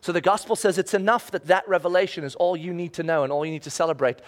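A man preaching a sermon with passion, acting out the voices of people in his stories and swinging between loud bursts and hushed lines. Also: high-pitched, fairly even intonation, quick pace. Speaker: pastor.

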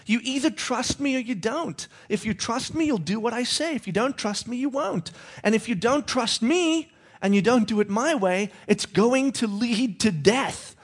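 A preacher voicing God as a stern, patient deity who lays out a plain choice step by step. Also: male voice, extremely high pitch, lively intonation, normal speed, slightly rough, voice pushed up, full character voice. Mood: firm. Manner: firm, plain-spoken, explaining step by step.

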